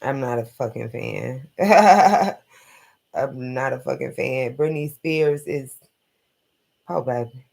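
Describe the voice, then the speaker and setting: A man's voice: mid-range voice, fairly even intonation, measured pace, vocal fry, a little mellow. A man hosting a casual late-night live stream, rambling bluntly and profanely through his opinions.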